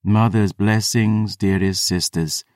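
A man voicing a stern masked priestess in an audiobook, with a deep, musical voice and archaic, formal speech. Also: steady tone, slow, a little mellow, no echo, studio quality. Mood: solemn. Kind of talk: audiobook character voice.

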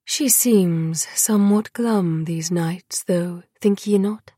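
A woman's voice: lowish voice, takes it slowly, warm tone, slightly rough, no echo, clean studio sound. A woman voicing a cruel, haughty vampire broodmother who taunts in silky, old-fashioned speech. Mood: sly.

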